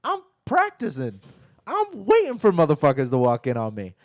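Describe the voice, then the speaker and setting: A man co-hosting a casual live chat, telling stories in a profane, animated way. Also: fairly high pitch, moderate pace, dry recording. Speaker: podcast co-host.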